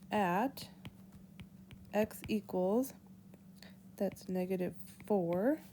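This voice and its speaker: A woman teacher giving a whiteboard math lesson, walking through each step slowly and aloud. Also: mid-range voice, mellow, slight background noise. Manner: slow, deliberate, walks through steps aloud. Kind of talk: whiteboard lesson explaining calculus.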